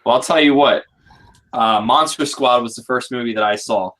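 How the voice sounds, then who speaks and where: A man's voice: mid-range voice, normal speed, a bit bright. A man in his thirties hosting a casual group talk, rambling with many fillers and restarts. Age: 30s. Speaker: podcast host.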